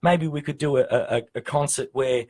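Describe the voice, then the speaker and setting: A man with an Australian accent hosting a casual music chat show, talking in a hesitant, halting way with many restarts. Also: medium pitch, darkish tone. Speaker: show host.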